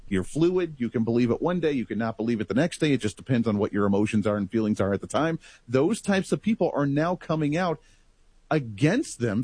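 A man co-hosting a casual talk show, talking in long, animated runs. His voice is a bit husky and sits in a middle pitch. The sound is dry and close to the mic. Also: brisk, no room sound.

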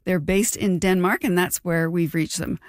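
A woman hosting an interview podcast, presenting in a clear, conversational way. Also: fairly low pitch, steady tone, normal speed, dry recording, studio quality. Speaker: podcast host.

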